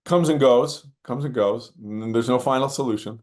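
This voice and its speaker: A man as a podcast guest, telling reflective personal stories with animated, acted-out moments and many "you know" fillers. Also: medium pitch, moderate pace. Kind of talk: reflective storytelling in conversation.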